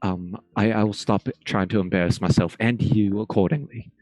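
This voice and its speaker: A man's voice: fairly low pitch, steady tone, moderate pace, darkish tone, no echo, faint music behind. A young man playing his character in a tabletop game, flustered and stammering, earnest. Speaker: player. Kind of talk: in-character tabletop role-play.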